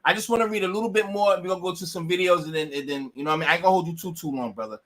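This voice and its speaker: Fast, bright-voiced talk show host. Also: male voice, sits high. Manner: laid-back, slangy, prompting the guest. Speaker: stream host. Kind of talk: casual talk-show hosting.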